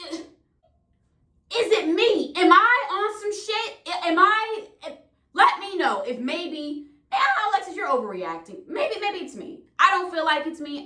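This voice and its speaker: A woman's voice: high-pitched, bright, forceful tone. A young woman venting casually to camera, exasperated and profane. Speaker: vlogger. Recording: roomy echo.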